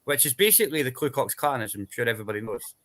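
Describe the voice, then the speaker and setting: A man's voice: mid-range voice, very animated, very fast, a bit bright. A Scottish man in casual chat, rambling through long explanations and checking in with tag questions. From Scotland. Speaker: panel guest.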